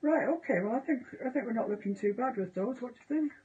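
A woman's voice: fairly high pitch, fast talker, a little mellow, breathy edge. A woman demonstrating painting on a live stream, chatting casually and trailing off mid-thought. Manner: chatty, self-amused, trails off mid-sentence. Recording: dull lo-fi live stream audio.

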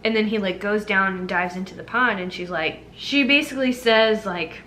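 A woman's voice: mid-range voice, normal speed, hardly any pauses, bright, forceful tone, slight background noise. A young adult woman retelling a fairy tale for a movie review vlog, chatty and full of fillers. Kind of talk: casual storytelling review.

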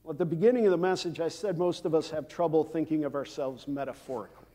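A man preaching a sermon as pastor, measured and unhurried, with frequent "uh" fillers and the odd dry aside. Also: fairly high pitch, warm tone. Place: church sanctuary. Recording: long church hall reverb.

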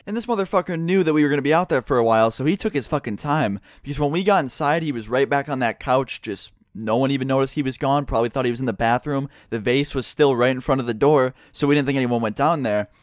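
Young male vlogger, rapid profane storytime delivery, dry close sound. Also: medium pitch, dry recording. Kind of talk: casual storytime.

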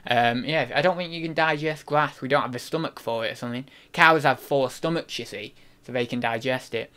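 A young man streaming live, talking straight to his viewers in a loose, rambling way. He tosses out jokes and random facts between chatter, and his voice sits a touch higher than most men's. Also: fairly bright tone, smooth. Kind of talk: casual live-stream chat.

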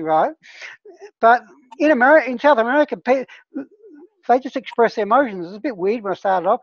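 A woman's voice: mid-range voice, no room sound, highs cut off. A woman who trains healers, leading an online discussion group in a casual, earnest teaching tone and often checking in with her listeners.

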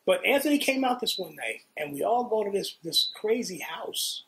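Man, New York accent, middle-aged, profane animated storyteller, higher pitch. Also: normal speed. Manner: profane, animated, acts out quotes. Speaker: interviewee, guitarist. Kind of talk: casual storytelling.

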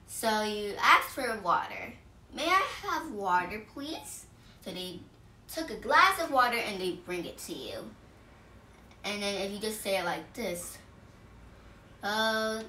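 A woman's voice: mid-range voice, pushed and bright, distant mic. A woman vlogger explaining simple manners in an earnest, plain way, with restarts. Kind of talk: casual explainer vlog. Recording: echoey room, voice off the mic.

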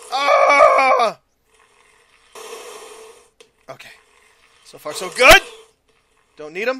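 A man doing gameplay commentary, with loud exaggerated outbursts, yelling and groaning as his character dies. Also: high voice. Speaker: let's player.

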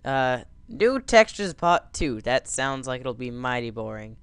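A young man doing jokey let's play commentary, excitable and yelping and cheering as he plays. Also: medium pitch, measured pace, few pauses, smooth, no room sound. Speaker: gameplay commentator.

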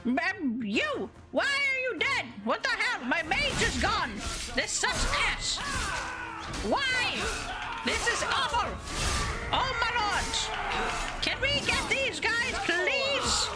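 A woman streamer giving casual, profane, excitable commentary while playing a video game. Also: very high voice, slow pace, loud music behind the voice.

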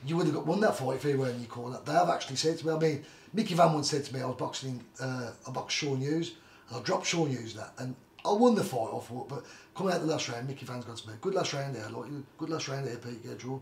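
A man's voice: mid-range voice, quick pace. A middle-aged man, a retired boxer, telling stories in a casual interview, rambling and repeating "like I say" and "do you know what I mean". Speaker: retired journeyman boxer, guest. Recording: roomy echo, faint background noise.

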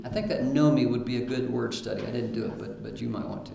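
A man preaching a sermon in a church hall, his mid-pitched voice carrying a roomy echo. He reads scripture aloud and breaks into plain asides, with fillers and restarts. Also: steady tone, quick pace, creaky, few pauses, darkish tone.

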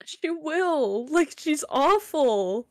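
A woman's voice: high voice, lively intonation, drawn-out words, no echo. A woman in casual chat with friends, teasing and giggly.

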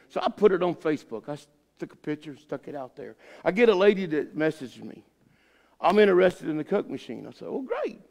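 Gravelly pastor in a church hall. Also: male voice, on the high side, a little mellow. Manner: folksy, rambling storyteller with many restarts. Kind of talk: Bible study teaching with a personal story. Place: church sanctuary.

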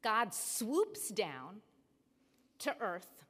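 A woman rabbi preaching a sermon in a synagogue sanctuary, measured and emphatic with deliberate pauses. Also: mid-range voice, huge pitch swings, fairly bright tone, breathy edge. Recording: long hall reverb in a sanctuary.

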